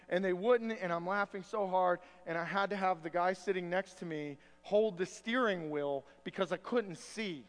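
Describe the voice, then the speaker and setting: A man's voice: high voice, moderate pace, long reverb tail. A man preaching a sermon as pastor, a folksy storyteller who jokes with his church.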